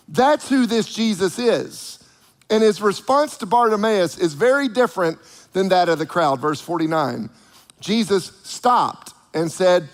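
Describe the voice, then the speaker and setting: A man preaching a sermon in an animated way, acting out the voices of the people he quotes. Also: high-pitched, moderate pace, big-room sound.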